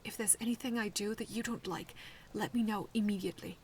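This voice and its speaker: Woman doing a soft-spoken, caring young man. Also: medium pitch, fairly even intonation, fairly quick, close to an everyday voice. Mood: gentle. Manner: soft, reassuring. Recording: distant mic with faint noise.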